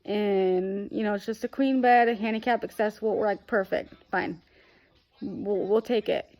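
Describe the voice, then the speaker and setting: A woman's voice: mid-range voice, steady tone, normal speed, a little mellow. A young woman vlogger retelling a hard weekend in a rambling, emotional way, full of fillers. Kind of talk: casual storytelling.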